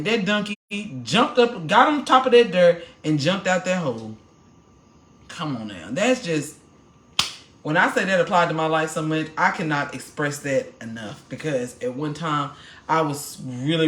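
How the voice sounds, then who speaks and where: A woman hosting a podcast, telling a personal testimony in a live stream and preaching straight to her viewers in an animated way. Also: mid-range voice, reverberant. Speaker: podcast host.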